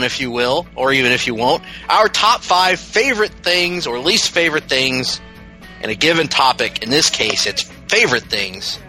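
A man's voice: fairly high pitch, pushed and bright, low-quality recording. A man co-hosting a casual podcast, joking around and laughing often. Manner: joking, playful, bursts of laughter. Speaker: podcast co-host. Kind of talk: casual comedic podcast chat.

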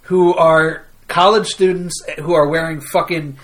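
A woman's voice: low-pitched, fairly even intonation, unhurried, rough recording. A woman co-hosting a casual chat, blunt and profane, laughing often. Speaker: podcast co-host.

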